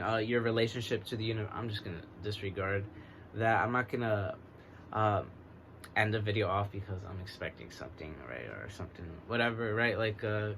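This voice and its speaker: An American man reading oracle cards in a relaxed, rambling way, speaking in a put-on English accent that he uses to get through a stutter. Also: fairly low pitch, a little hiss or hum. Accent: American trying an English accent. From United States. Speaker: oracle card reader. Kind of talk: casual divination reading.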